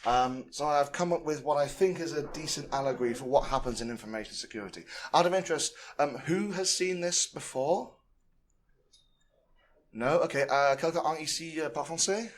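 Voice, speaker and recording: A man giving a conference talk, casual and rambling, full of fillers and tag questions. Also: on the high side. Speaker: conference speaker. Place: conference room.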